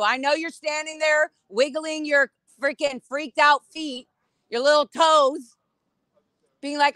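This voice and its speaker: Loud, blunt woman protesting on a sidewalk. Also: high voice, a little slow, dry recording. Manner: loud, blunt and profane, calling out to people inside. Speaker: street protester filming a livestream. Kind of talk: confrontational shouting at a building mixed with casual chat. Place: outdoors on a city sidewalk.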